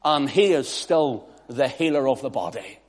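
A man preaching a fervent sermon in a church, swinging between loud declarations and hushed pleading. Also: medium pitch, animated, moderate pace, husky. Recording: long reverb of a large hall.

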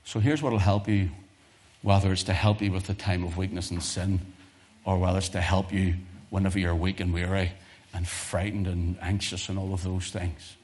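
A man preaching a sermon, moving from easy, conversational asides to loud, impassioned peaks and repeating phrases for emphasis. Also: low voice, little pitch movement, normal speed. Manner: impassioned, swelling to loud fervent peaks then dropping to quiet asides.

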